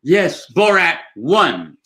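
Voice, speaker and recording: A man's voice: sits high, very animated, extremely slow, sharp tone. An older man, an actor, chatting casually and telling rambling, joking stories. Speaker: actor guest. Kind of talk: casual live chat.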